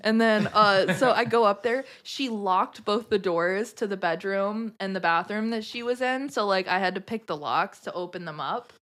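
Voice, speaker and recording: A woman guest on a podcast, telling a story in a casual, animated way, swearing a lot and saying "like" constantly. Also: mid-range voice, normal speed, hardly any pauses. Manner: animated, profane, heavy use of "like".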